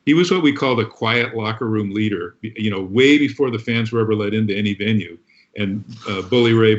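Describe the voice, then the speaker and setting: A man, a guest photographer on a podcast, recalling stories in a quick rush. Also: on the low side, muffled recording. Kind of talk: casual podcast chat.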